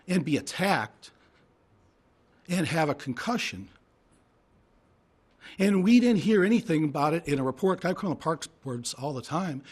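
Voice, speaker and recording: Hoarse man testifying with indignation. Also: fairly high pitch. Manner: indignant, emphatic, rhetorical questions. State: hoarse, losing his voice. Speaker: public commenter at a hearing. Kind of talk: public hearing testimony. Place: public hearing room.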